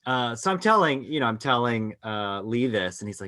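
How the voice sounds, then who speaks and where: A man co-hosting a podcast, telling a long personal story in casual conversation, animated and full of restarts. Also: medium pitch, normal speed, background noise. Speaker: podcast co-host.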